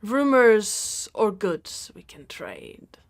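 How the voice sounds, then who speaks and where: A woman voicing a gruff, blunt male minotaur warband leader who is wary of strangers. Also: medium pitch, huge pitch swings, exaggerated voice. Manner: blunt, suspicious, drawn-out.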